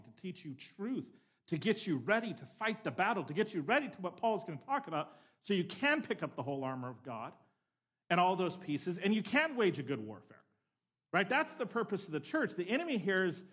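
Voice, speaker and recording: A male pastor preaching a conversational sermon, often checking in with the room and swinging between emphatic lines and quieter asides. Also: a little high, husky.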